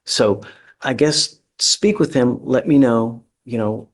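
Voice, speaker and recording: Husky-voiced blunt judge. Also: male voice, mid-range voice, slow. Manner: blunt, direct, lecturing. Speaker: criminal court judge. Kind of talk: courtroom bail hearing. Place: courtroom.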